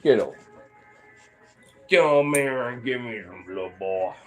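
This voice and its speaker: Young man vlogger, playful swearing dog owner, unhurried and animated, faint music under. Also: mid-range voice. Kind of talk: casual talk to his dogs.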